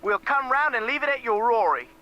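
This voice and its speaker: A bright Cockney pub owner. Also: male voice, extremely high pitch, expressive, a little fast, muffled recording, full character voice. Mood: friendly. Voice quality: slangy, breezy and hospitable. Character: chatty male pub owner taking phone orders.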